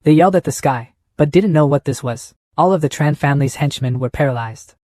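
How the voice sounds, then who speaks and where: A man reading a scripted story recap in a steady, plain way. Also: a little high, brisk, dry recording, clean studio sound. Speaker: narrator.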